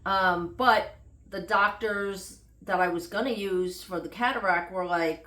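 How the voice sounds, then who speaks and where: Middle-aged woman, casual vlogger, chatty and self-mocking, mid-pitched, echoey room. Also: measured pace, a bit bright. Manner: rambling, chatty, self-deprecating humor. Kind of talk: casual unedited health update vlog.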